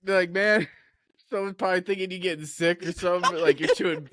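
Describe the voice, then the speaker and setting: A man's voice: high voice, steady tone, a bit bright. A man in casual chat with friends, teasing and joking. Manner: joking, teasing, quick to laugh.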